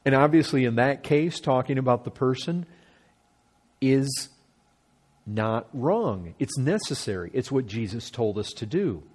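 Husky-voiced preacher with a lively delivery. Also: male voice, mid-range voice, unhurried. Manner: earnest preaching, repeats phrases for emphasis, rising to stress points. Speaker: pastor. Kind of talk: sermon.

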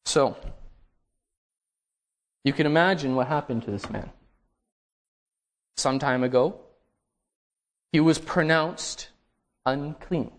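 A man with a slightly high voice preaches a sermon, reading scripture aloud slowly with emphatic stresses and dramatic rises in pitch.

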